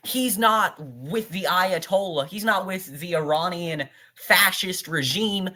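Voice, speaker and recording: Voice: medium pitch, slow pace, few pauses, sharp tone. A political commentator reacting in a heated rant, scornfully talking back to a speaker as if face to face. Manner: ranting, addresses the speaker directly, scornful.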